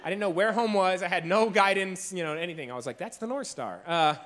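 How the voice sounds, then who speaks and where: Animated high-voiced young man telling a story. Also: fast talker, slight background noise. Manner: animated storyteller, heavy use of "like", acts out his own past lines. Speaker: keynote speaker. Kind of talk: motivational storytelling speech. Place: large room with an audience.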